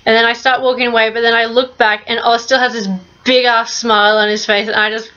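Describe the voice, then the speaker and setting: A young woman narrating her vlog in a voice-over, telling an excited fan story with casual swearing. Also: fairly high pitch, a little fast, clear, resonant tone, lo-fi sound. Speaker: vlogger.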